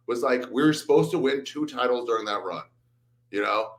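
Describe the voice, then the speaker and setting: A man's voice: mid-range voice, a little fast. A man, a comedian, chatting casually as a guest, joking and self-deprecating with laughs. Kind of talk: casual chat.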